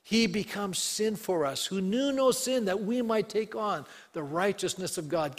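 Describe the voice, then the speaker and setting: A man preaching a sermon as pastor, reading scripture aloud with earnest emphasis and letting key lines fall slow and soft. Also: high-pitched, lively intonation, big-room sound.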